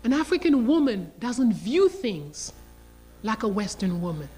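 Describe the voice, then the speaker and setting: A woman's voice: fairly high pitch, unhurried, soft background music. Emphatic older woman lecturer. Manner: animated, emphatic, acts out quoted dialogue. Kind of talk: storytelling lecture.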